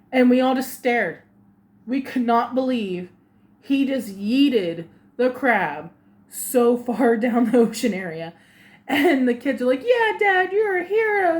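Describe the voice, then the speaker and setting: Woman vlogger, higher voice, lively casual storytelling with laughs. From lives in Japan. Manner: animated, laughing often, acts out voices.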